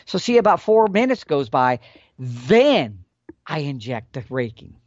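A man explaining elk calling tactics in a folksy, animated storytelling manner. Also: a little high, unhurried, no room sound, lo-fi sound. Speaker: elk hunting instructor.

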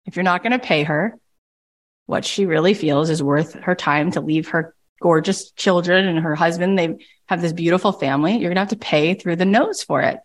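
A woman's voice: on the low side, moderate pace. A woman coach leading a group call, talking emphatically and bluntly and jumping into mocking voices to make her points. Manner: emphatic and animated, with big swings into mocking voices; blunt and profane at times. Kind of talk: impassioned coaching talk.

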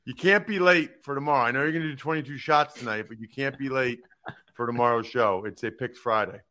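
Bright-voiced opinionated sports host man. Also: mid-range voice, a little fast. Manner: emphatic, animated, teasing. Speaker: sports talk show host.

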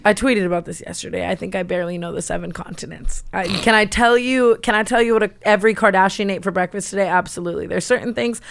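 A woman's voice: mid-range voice, fairly even intonation, fast talker, creaky, few pauses. A young woman who is a guest on a podcast, chatting casually in a playful, teasing way.

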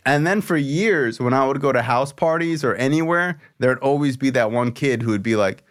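A male podcast host with a voice of ordinary, middling pitch. He tells his story in a loose, casual way, swearing freely and leaning on "like" between phrases. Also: normal speed, clean tone. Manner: loose, profane, filler-heavy with lots of "like".

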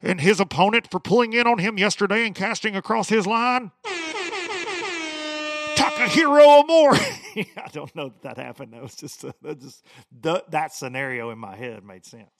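A man's voice: on the high side, brisk, gravelly, music in the background. A middle-aged man from the States, hosting a podcast in a rambling, joking rant and laughing often. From Southern United States. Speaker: podcast host.

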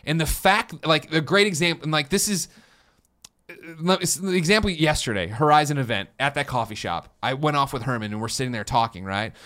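A man in his thirties co-hosting a podcast, telling excitable, rambling stories full of restarts and swearing. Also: on the high side, fairly quick. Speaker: podcast co-host. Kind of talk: casual podcast chat.

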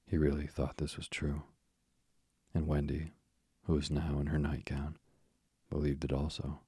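A man narrating a classic children's story in a gently wry manner. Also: a bass voice, completely flat delivery, a little slow, husky, no echo, studio quality.

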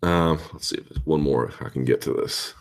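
A male host of a live chat show, talking casually and answering viewer questions in an animated, ranting, sarcastic way. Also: rumbling low, brisk, clear, resonant tone.

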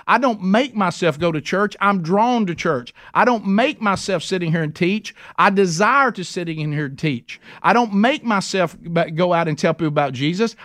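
A man's voice: sits high, a bit bright, no room sound, studio quality. A middle-aged man teaching a men's Bible study in an earnest, emphatic, folksy way. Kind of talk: conversational sermon teaching.

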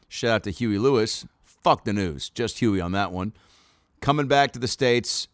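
A man's voice: on the low side, normal speed, no room sound, clean studio sound. A male comedian hosting his podcast in a loose, joking way, swearing freely. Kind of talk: casual chat. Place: in Australia.

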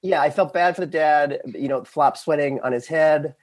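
A man speaking as a guest in a casual podcast chat, halting and hesitant, with frequent restarts. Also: a little high.

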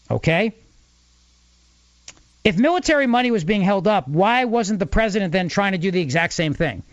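Animated New talk radio man. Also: high-pitched, moderate pace, long pauses, dry recording, lo-fi sound. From New Jersey. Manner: argumentative, emphatic, mocks opponents. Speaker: fill-in radio host. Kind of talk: talk radio political monologue.

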